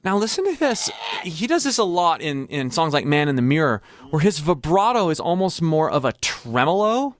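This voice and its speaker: A man's voice: fairly high pitch, very animated, moderate pace, few pauses. A man hosting a casual music reaction, explaining what he hears and thinking aloud. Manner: explanatory, thinks aloud, sings snippets to demonstrate. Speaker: host. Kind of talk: casual music analysis while listening.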